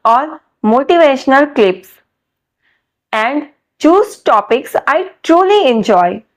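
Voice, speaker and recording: A woman narrates a scripted vlog in a slightly high voice, taking her time over each phrase. Her delivery is unhurried and deliberate, with careful pronunciation. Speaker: vlogger sharing her English learning.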